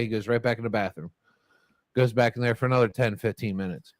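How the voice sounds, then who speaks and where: Among friends at a bar or podcast table, a man tells a meandering, profanity-laced story, laughing as he goes. His medium-pitched voice is steady and quick, captured in a dry recording.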